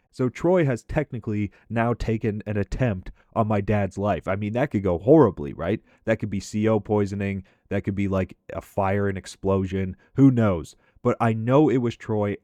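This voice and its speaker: A man telling a profane, animated story in a casual commentary over gameplay. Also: on the low side, no room sound.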